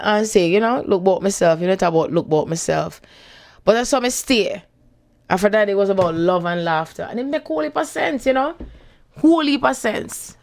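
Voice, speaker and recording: A woman from Jamaica with a Jamaican accent, giving a casual spiritual talk and playfully switching between patois and standard English. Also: fairly high pitch. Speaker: spiritual speaker.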